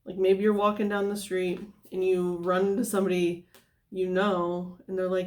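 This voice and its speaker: A woman's voice: lowish voice, flat delivery, moderate pace. A woman giving a casual tarot reading, talking in a loose, rambling way full of fillers and tangents. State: somewhat out of breath. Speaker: tarot reader.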